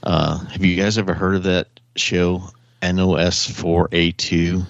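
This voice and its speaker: A man on a casual podcast chat, telling a long rambling story with animated energy and frequent chuckles, heard over dull lo-fi call audio. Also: deep voice, unhurried, creaky, no room sound. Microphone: remote call audio.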